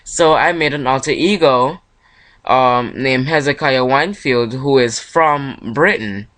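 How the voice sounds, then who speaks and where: A young man from Jamaica talks alone into his mic about his own music in a relaxed, chatty way. He rambles, backtracks and corrects himself as he goes. His voice sits at an ordinary pitch for a man. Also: a little slow. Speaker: independent musician hosting his own podcast. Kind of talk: casual solo monologue.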